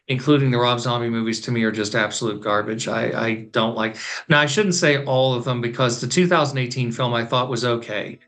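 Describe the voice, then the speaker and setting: A man's voice: mid-range voice, a bit bright. Frank-spoken male guest critic. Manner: frank, blunt opinions. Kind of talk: casual conversation.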